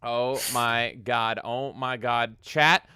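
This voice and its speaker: A man's voice: medium pitch, fairly even intonation, slow pace, bright, forceful tone, clean tone, no room sound. Man, podcast co-host, crude jokes, reads out chat, dry close sound. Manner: crude, joking, reads chat messages aloud. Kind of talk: casual gaming podcast chat.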